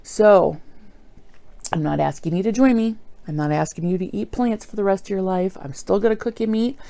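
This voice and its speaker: A woman's voice: medium pitch, moderate pace, gravelly, dark tone, no room sound. A middle-aged woman talking earnestly and apologetically in a rambling personal video diary, full of fillers. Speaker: vlogger.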